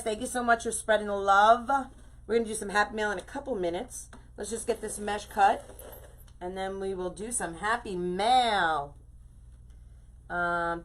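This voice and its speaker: A middle-aged woman hosting a casual craft live stream, chatting effusively and greeting viewers by name as she works. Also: mid-range voice.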